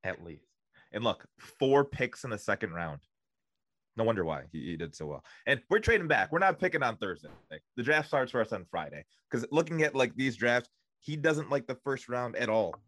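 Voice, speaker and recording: A man co-hosting a casual sports podcast, joking and telling a long deadpan gag. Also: mid-range voice, moderate pace, dry recording. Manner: joking, deadpan setup of jokes. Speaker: podcast co-host.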